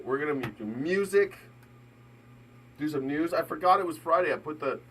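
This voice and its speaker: A middle-aged man hosts a live news reaction stream on a desk mic, chatting casually, rambling and joking with frequent laughs and bursts of shouted mock voices. His voice is a little high and animated at a moderate pace, with a slight hiss or hum.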